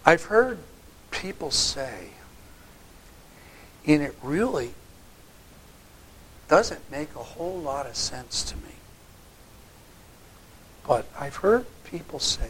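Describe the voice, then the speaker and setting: A male pastor preaching a sermon, pressing his hearers with sharp rhetorical questions and shifting between loud challenge and quiet, low asides. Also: very animated, takes it slowly, pauses often, a little hiss or hum.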